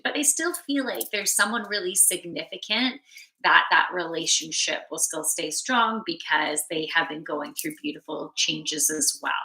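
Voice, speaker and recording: A woman giving a relaxed, rambling card reading on a live stream, answering viewers' chat and yawning now and then. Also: on the low side, roomy sound. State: sleepy, yawning. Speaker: spiritual card reader and yoga teacher.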